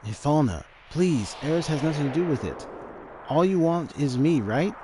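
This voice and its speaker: A man voicing a gentle young mother, raising and softening his voice. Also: lively intonation, normal speed, background noise, lightly acted. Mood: pleading. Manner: raised, softened pitch.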